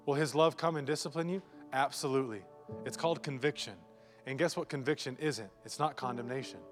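Male pastor, mid-pitched, playful live sermon, rhetorical questions, faint music underneath. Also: a little fast. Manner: joking, asks rhetorical questions to the congregation. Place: church sanctuary before a congregation.

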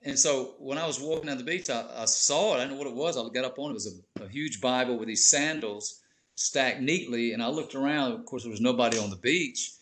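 A man's voice: medium pitch, fast talker, a bit bright, slight background noise. A man, a bishop, telling his faith story on a podcast in an earnest, heartfelt way, often saying "man". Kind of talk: emotional testimony in casual chat.

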